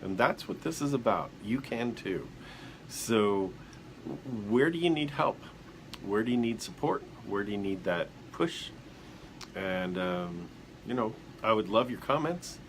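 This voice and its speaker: A man's voice: fairly low pitch, animated, unhurried, a little hiss or hum. A man hosting a casual motivational live stream who reflects aloud and keeps putting questions to the viewers. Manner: greets viewers by name as they join.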